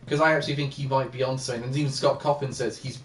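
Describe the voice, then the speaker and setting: A man's voice: mid-range voice, fairly even intonation, rapid-fire. Chatty gamer guy, roomy far-off mic, faint hiss. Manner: chatty, enthusiastic explainer. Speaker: let's play co-host. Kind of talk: casual gaming chat.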